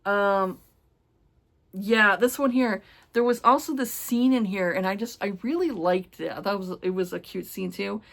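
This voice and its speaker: A woman's voice: mid-range voice, normal speed, gravelly, fairly bright tone. A woman chatting casually about a book she loved, rambling and gushing with many fillers and read-out notes. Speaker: book reviewer. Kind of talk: casual book review chat.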